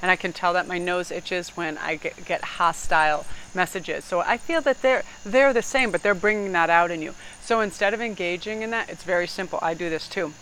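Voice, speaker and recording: A woman's voice: fairly low pitch, brisk, few pauses, a bit bright, slight background noise, rough recording. A woman giving a casual tarot reading, rambling and blunt, swearing freely and laughing often. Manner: laughs often, slips into mock voices. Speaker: tarot card reader.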